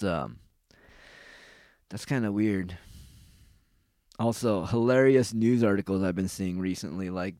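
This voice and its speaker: A man talks in a loose, rambling rant, sarcastic and full of profanity. His voice sits a little low, and the recording is dry and close with no room sound. He jumps from one gripe to another as if talking to himself. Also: dark tone, no echo. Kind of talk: casual ranting monologue.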